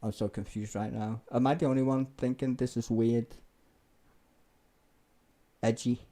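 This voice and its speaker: A man's voice: mid-range voice, fairly even intonation, a little slow, warm tone. A man live-streaming, ranting sarcastically and swearing as he reacts to a clip.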